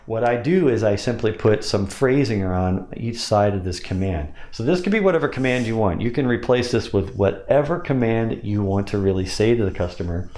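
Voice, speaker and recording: Low-voiced man teaching in an echoey room. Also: animated, fairly quick, hardly any pauses, darkish tone. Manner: explains step by step, demonstrates with pitch changes. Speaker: sales hypnosis coach. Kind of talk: instructional explanation.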